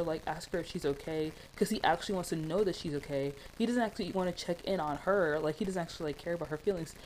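A woman's voice: fairly low pitch, dark tone, slight background noise, rough recording. A young woman talking through a film in casual, passionate commentary, rambling with many fillers.

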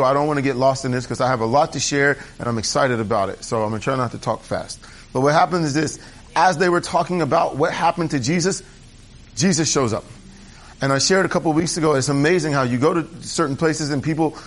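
A man preaching a conversational sermon to his church, candid and chatty, drifting into asides and restarting his sentences. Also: medium pitch. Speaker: pastor. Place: church service.

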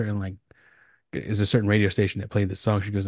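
A low-pitched man chatting loosely on a podcast, spinning long stories in slangy, profane talk. His voice sits close and dry on the mic, with little room sound. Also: fairly quick, creaky, no room sound. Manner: rambling storytelling, heavy slang and swearing. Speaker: podcast host. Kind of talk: casual chat.

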